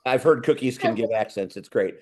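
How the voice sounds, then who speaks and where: A man's voice: mid-range voice, darkish tone, slight background noise. A man hosting a casual group video chat, teasing his guests with jokes. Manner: joking, teasing. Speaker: host.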